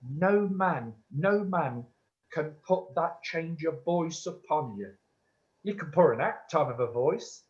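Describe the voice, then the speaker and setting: Church medium, male, slightly higher voice, earnest and insistent, lo-fi dull recording. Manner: earnest and insistent, calls listeners sweetheart. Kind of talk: church demonstration, answering audience questions. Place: church hall.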